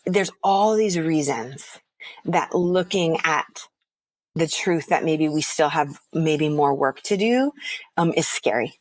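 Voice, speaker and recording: A woman therapist speaking as a podcast guest, gentle and reflective in her unhurried manner. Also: low-pitched, lively intonation, dry recording. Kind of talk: podcast interview.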